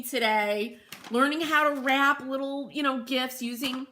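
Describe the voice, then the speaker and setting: A woman hosting a craft livestream from home, chatting casually and reading viewer comments aloud, greeting people by name with sudden excited exclamations. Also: sits high, a little slow, slight background noise.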